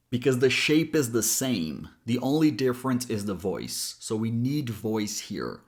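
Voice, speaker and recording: Slow, careful male accent coach. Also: medium pitch, darkish tone. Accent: American. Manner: slow, careful, demonstrating sounds. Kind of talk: pronunciation lesson.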